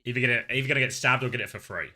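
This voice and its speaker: A man's voice: mid-range voice, racing. A man casting an esports match, trading jokes with his co-caster and laughing often before calling the play. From United Kingdom. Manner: laughs often, bright joking banter.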